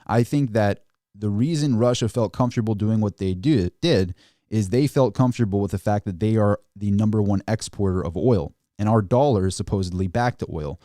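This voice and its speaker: A man with a lowish, dark, mellow voice talks through market charts on a live stream. He is animated and throws in mocking asides in quoted voices. The sound is dry and close. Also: no echo. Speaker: finance channel host.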